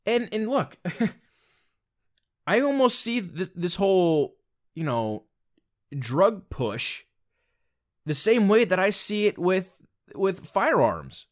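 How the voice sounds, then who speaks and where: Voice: mid-range voice, very animated, slow pace, pauses often. Blunt, exasperated ranting commentator. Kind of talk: opinion rant monologue.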